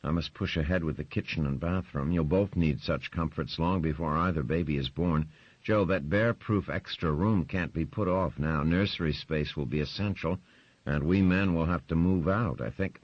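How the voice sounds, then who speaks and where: A man voicing a stern older patriarch who lays down the law in a firm, measured way, in a dry, slightly muffled recording. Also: very deep voice, no room sound. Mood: decisive.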